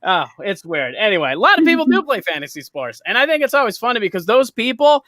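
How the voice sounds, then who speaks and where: A man's voice: sits high, very animated, fast, sharp tone, no echo. A man doing a stand-up set over a video call, self-mocking and nerdy, laughing at his own jokes. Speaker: stand-up comic.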